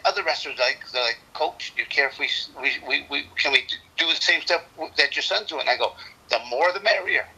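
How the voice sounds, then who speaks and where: A man's voice: a little high, pushed and bright, husky, low-quality recording. A man in his sixties from the United States, a retired wrestler telling long rambling stories in a casual interview, often repeating words and restarting sentences. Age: 60s.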